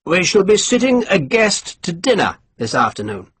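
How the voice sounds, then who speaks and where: A man's voice: sits high, very animated, normal speed, a bit bright, no room sound, voice pushed up, exaggerated voice. A man voicing a suave condescending colonel. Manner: smooth, condescending, lecturing. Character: suave scheming English colonel, male.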